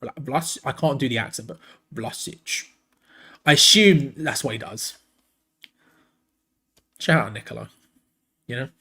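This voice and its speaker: A man hosting a live football watch-along. He calls the play excitedly and breaks off to answer viewers in the chat. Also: medium pitch. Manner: excitable, chatty, jumps between play-by-play and reading comments. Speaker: watch-along host and commentator.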